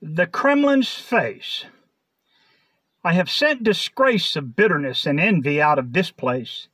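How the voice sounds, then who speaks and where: A man's voice: fairly high pitch, expressive, slow, fairly bright tone. A man delivering a prophetic word with solemn, chanting repetition. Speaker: prophetic speaker.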